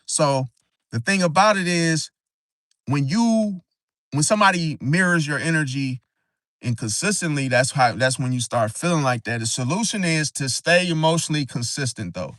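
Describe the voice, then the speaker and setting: Casting: man, slightly high voice, AAVE speech, rambling talk-show host with frequent restarts, dry mic. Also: animated, a bit bright, dry recording. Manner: rambling, halting, frequent "see?" tag. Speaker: astrology channel host. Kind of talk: casual livestream talk.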